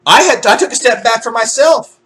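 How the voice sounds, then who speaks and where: A man's voice: extremely high pitch, a little fast, slight background noise. A man ranting casually to camera in a vlog, swearing freely and acting out what other people say. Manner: profane, animated, acts out quoted voices. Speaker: vlogger.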